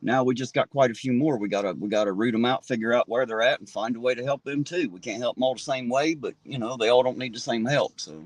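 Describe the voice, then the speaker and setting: A man with a twang rants into his phone on a town street, swearing hard and sounding thoroughly fed up. His voice sits at an ordinary middle pitch. The sound is close and dry. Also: fast talker, few pauses, dry recording. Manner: swears heavily, indignant and fired up. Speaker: livestream host. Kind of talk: angry livestream rant.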